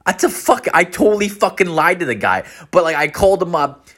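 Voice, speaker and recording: A man's voice: sits high, big pitch swings, fairly quick, fairly bright tone. A man in his thirties hosting a podcast, rambling in a casual, heavily profane, self-mocking monologue. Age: 30s. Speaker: podcast host.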